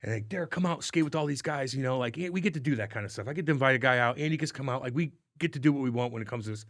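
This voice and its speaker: Animated, swearing podcast co-host man. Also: medium pitch, rapid-fire, no room sound, clean studio sound. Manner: animated storyteller, acts out quotes loudly, swears often. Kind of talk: casual chat.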